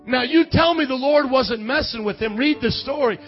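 A male preacher with a very high voice, wound up and charismatic. He swings between loud, excited bursts and low, musing asides. The recording is dull and lo-fi, with faint music playing behind him. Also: normal speed. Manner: excitable, loud outbursts, then drops low to muse. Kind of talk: charismatic sermon.

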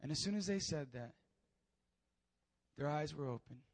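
Man, preacher, sermon, high-pitched, animated storytelling, stammered repeats. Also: normal speed.

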